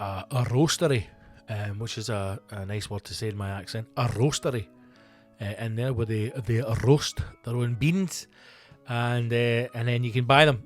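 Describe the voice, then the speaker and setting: A Scottish man, a comedian hosting his own podcast, talking casually in a profane, rambling monologue full of fillers and asides. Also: mid-range voice.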